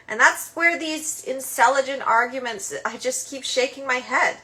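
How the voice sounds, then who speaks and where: A woman's voice: high-pitched, moderate pace, few pauses, pushed and bright. A woman hosting her own show, talking casually and emphatically, with lots of filler words. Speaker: host. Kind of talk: casual monologue.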